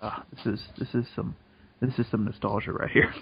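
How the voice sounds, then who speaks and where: A man's voice: fairly low pitch, level tone, a little fast, vocal fry, slight background noise. A young man co-hosting a podcast, talking in a profane, laid-back, joking way. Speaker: podcast co-host. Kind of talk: casual chat. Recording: dull lo-fi podcast audio.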